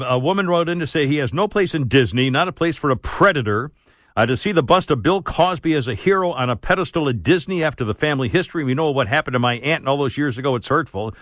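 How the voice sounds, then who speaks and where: A man hosting a talk radio show, telling rambling anecdotes with frequent laughter and mock outrage, clearing his throat now and then. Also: mid-range voice, fairly bright tone, no echo. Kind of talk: casual talk radio banter. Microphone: studio broadcast mic.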